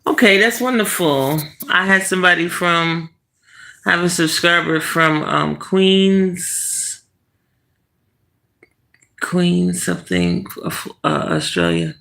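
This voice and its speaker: Slow, gravelly streamer chatting from bed. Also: medium pitch, animated, bright, forceful tone. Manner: rambling, laughs often, slow and drawn out. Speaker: livestream host reading viewer chat. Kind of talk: casual live chat. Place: bedroom, lying in bed.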